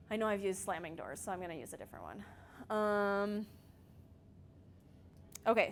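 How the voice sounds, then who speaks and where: A woman's voice: medium pitch, a little hiss or hum. Chatty woman giving a parenting workshop. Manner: chatty, laughs often, addresses audience with "right?". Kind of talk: casual presentation to a group. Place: church meeting room.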